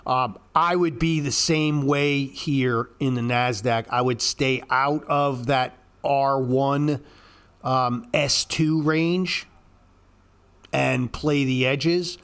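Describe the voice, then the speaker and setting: A man's voice: steady tone, slow, fairly bright tone, smooth. A man giving blunt, profane casual commentary on stock charts, ranting at panicked traders. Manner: mocks panicked traders in a high squeaky voice. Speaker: market commentator.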